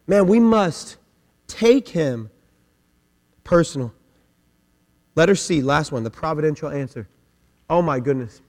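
A man preaching an emphatic sermon with heavy repetition, his voice rising to shouts. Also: a little high, expressive, a little slow, pauses often. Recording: long hall reverb.

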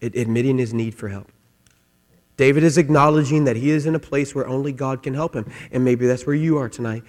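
A middle-aged man preaching a sermon, telling a comic story with shouted quotes, then dropping soft and low for the message. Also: fairly quick. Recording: long hall reverb.

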